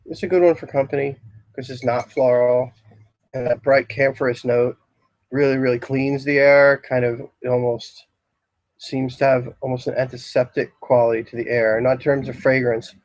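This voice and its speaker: A man giving a casual, rambling talk on incense in a shop, describing scents with many pauses. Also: mid-range voice, level tone, a little mellow, no echo, rough recording. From Philadelphia area, US. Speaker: incense store lecturer. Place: shop, indoors.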